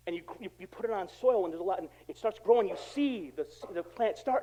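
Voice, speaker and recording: A male pastor preaching a sermon in a casual, conversational way, swinging from quiet asides to loud emphatic bursts. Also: high voice, moderate pace, pauses often, lo-fi sound. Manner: animated, conversational preaching with dramatic swings in volume.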